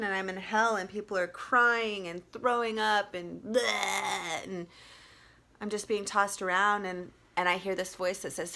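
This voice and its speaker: Animated, bright-voiced woman vlogger. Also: mid-range voice, measured pace. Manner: animated, swears freely, many fillers. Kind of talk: casual personal storytelling.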